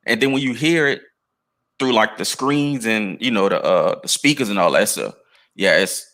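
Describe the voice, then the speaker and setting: A man's voice: fairly low pitch, animated, normal speed, a bit bright. An American man chatting casually on a podcast, telling stories in a laid-back, slangy way. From United States. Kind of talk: casual chat.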